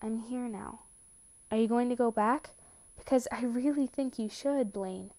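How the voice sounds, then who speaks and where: Warm, teasing young baker, read by a woman, mellow, fairly high voice. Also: unhurried. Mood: gentle.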